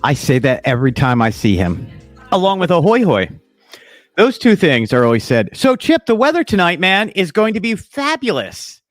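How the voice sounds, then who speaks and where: A man co-hosting a podcast in casual chat, animated and chatty with frequent fillers. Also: sits high, moderate pace, dry recording, soft background music. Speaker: podcast co-host.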